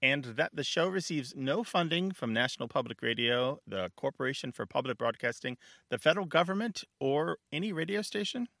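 A man's voice: medium pitch, animated, a little fast, gravelly, bright, forceful tone, dry recording, clean studio sound. A man co-hosting a radio show about language, talking easily and explaining with a joking touch. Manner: easygoing, explanatory, jokey. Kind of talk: casual radio chat.

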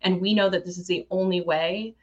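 Female advocate guest, low and steady, dull call-in sound. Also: fairly quick. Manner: steady, practiced talking points. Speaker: campaign director, guest. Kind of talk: advocacy interview answers.

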